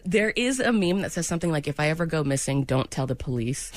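A woman's voice: deep voice, expressive, fast. A woman hosting a morning radio show from a studio, chatting and telling stories in a self-deprecating way. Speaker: radio host.

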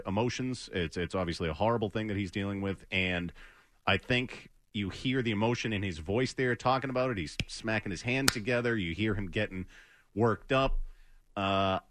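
A man's voice: fairly low pitch, fairly bright tone, no echo, studio quality. A man hosting a sports talk radio show, speaking earnestly and rambling with many hesitations.

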